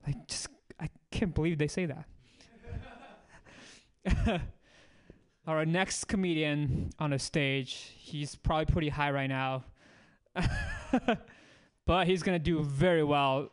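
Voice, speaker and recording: A man with a smooth, clear voice emceeing a live comedy night. He tells halting stories between acts and laughs often. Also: a little high. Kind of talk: introducing comedians on stage. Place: comedy club stage.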